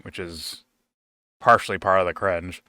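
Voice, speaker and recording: A man's voice: low-pitched, fairly even intonation, a little slow, pushed and bright, no room sound, clean studio sound. Rambling, profane man reviewing a film. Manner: profane, rambling, laughs often.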